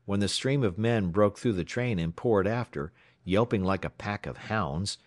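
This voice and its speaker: A man from the United States narrating a story aloud in a dramatic, expressive way. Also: on the low side, normal speed, no echo, studio quality. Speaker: audiobook narrator. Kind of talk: scripted narration.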